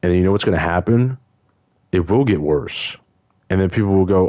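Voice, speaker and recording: A man's voice: low voice, normal speed, no echo, muffled recording. An upset man from the United States ranting in frustration and swearing constantly. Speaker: vlogger. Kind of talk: angry casual rant.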